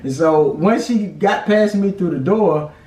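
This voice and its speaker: A man's voice: high voice, animated, unhurried, warm tone. A man vlogger in casual storytime chat, teasing and laughing, cutting in with strings of "no". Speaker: vlogger co-host. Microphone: camera mic from a few feet away. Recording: roomy sound, mic at a distance.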